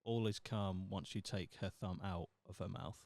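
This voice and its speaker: Man reading aloud, deadpan. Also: low voice, normal speed, no room sound. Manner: mocking, deadpan asides while reading. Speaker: podcast co-host. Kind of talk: casual chat, reading listings aloud.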